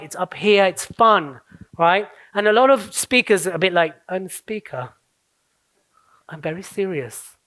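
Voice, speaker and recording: Playful energetic male stage speaker. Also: sits high. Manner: playful, energetic, slips into quick mock voices; checks in with the audience often. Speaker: public speaking coach on stage. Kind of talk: live keynote talk to an audience. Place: conference stage.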